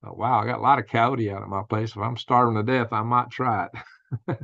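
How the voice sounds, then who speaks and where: A man's voice: mid-range voice, steady tone, a little fast, gravelly, fairly bright tone, no room sound, muffled recording. An older man hosting a casual live-stream, telling rambling stories and laughing at his own jokes. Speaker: host of a news and commentary stream.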